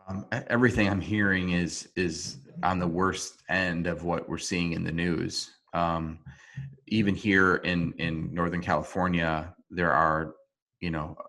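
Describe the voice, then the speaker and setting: A man answering interview questions over a video call, earnest and halting, with frequent restarts. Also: sits low, steady tone, bright, forceful tone. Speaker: interview guest. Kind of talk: remote interview.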